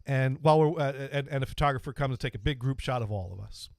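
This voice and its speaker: A man in the host's chair spins a rambling, self-mocking story, tripping over his words and circling back to restart. His voice sits at an ordinary middle pitch. The sound is close and dry, with hardly any room. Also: fast talker, creaky, no echo. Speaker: podcast host. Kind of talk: casual storytelling.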